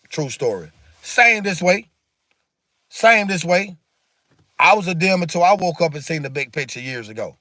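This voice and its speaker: A man's voice: a little high, a bit bright, no echo, studio quality. A man hosting a casual livestream, talking emphatically and repetitively in a preachy way while answering viewer comments. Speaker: livestream host.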